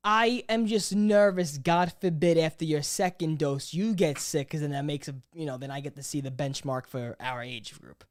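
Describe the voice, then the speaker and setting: A man hosting a podcast in casual chat, rambling and swearing often, with an animated delivery. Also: a little high, moderate pace, few pauses. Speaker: podcast host.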